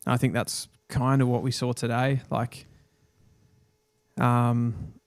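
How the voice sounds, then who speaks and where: A man's voice: mid-range voice, level tone, takes it slowly, smooth. A man co-hosting a live football chat, laid-back and chatty. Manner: laid-back, chatty, drops to quiet asides. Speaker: co-host of a football watchalong show.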